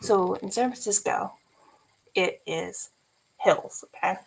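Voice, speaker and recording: Woman in her 40s, from california, gravelly husky voice, slow easy pace, keeps laughing. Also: mid-range voice, poor audio. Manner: animated, laughing often. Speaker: vlogger. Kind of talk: casual storytelling.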